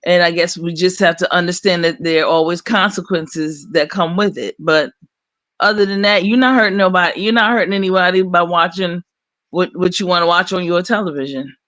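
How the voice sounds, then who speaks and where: A man's voice: high voice, steady tone, brisk, bright, forceful tone, dry recording. An easygoing man joining a live stream who explains things at length. His voice sounds close and dry, with no room sound. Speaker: stream guest. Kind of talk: casual chat on a live stream.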